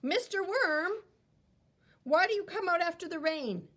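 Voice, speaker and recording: A woman's voice: extremely high pitch, lively intonation, a little slow, fairly bright tone, pitched above the performer's own voice, full character voice. A woman voicing a curious little girl in a picture book, asking eager questions. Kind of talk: reading a picture book aloud.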